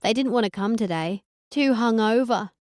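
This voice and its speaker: A woman's voice: on the high side, normal speed, a little mellow, no echo, studio quality, natural voice. A woman doing a twangy ditzy flirt. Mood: flirty. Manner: twangy, giggly.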